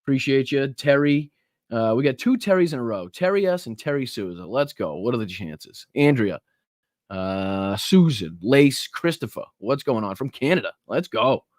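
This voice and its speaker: A man's voice: mid-range voice, normal speed, no room sound, clean studio sound. A man with a Boston accent hosting a live podcast, energetically greeting viewers in the chat. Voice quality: energetic, shout-outs to viewers. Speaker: podcast host.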